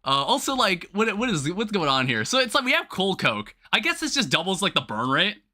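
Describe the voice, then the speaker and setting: Bright, lively young man streaming. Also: high voice. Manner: rambling, swearing, quick to laugh. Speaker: livestreamer. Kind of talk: casual gaming stream chat.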